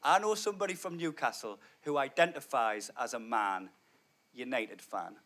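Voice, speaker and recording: A man, doing brash, sweary stand-up on stage through a microphone, dropping to low mutters and rising to loud bursts. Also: normal speed, noisy background. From North East England. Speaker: stand-up comedian. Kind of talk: stand-up comedy. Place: theatre stage before a live audience.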